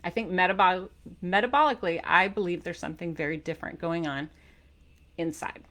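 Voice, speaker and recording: A middle-aged woman, an author talking animatedly to camera about her diet, playful and given to loud emphatic bursts. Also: lowish voice, fairly quick. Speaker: author and keto diet coach. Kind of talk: energetic talk to camera.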